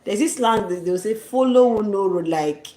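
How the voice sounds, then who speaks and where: A woman's voice: mid-range voice, animated, normal speed, dark tone, roomy sound, low-quality recording. A Nigerian woman vlogger chatting casually, laughing often and dropping into Pidgin slang. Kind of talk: casual chat.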